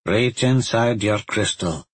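A man playing a stern older witch mentor in an audiobook, her voice commanding and measured. The tone sits low and husky, recorded close and dry. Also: no room sound. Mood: calm instructive.

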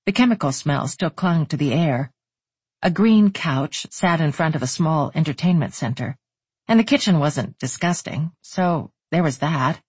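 An audiobook narrator reading a novel in steady, even storytelling. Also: medium pitch, unhurried, husky, dry recording.

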